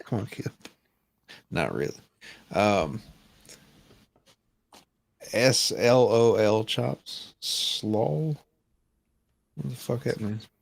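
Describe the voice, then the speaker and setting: A man's voice: lowish voice, expressive, very slow, gravelly, pauses often, no room sound. A man co-hosting a casual livestream chat, rambling, interrupting himself and swearing casually. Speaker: co-host.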